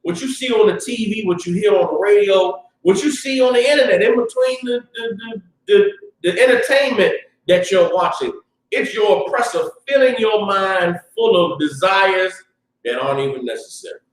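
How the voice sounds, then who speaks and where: A man teaching a religious class with a Southern US accent, talking in a fiery, casual street style that rises into shouts. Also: sits high, animated, normal speed. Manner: fiery, shouting at peaks, profane asides. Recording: roomy echo, distant mic.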